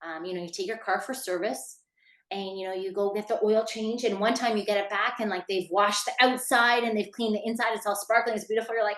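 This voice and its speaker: A woman's voice: mid-range voice, steady tone, fairly quick, fairly bright tone, reverberant. A woman teaching a business workshop in a casual, chatty lecture style, with lots of fillers, talking straight to her listeners. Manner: chatty, many fillers, addresses listeners directly. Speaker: workshop instructor.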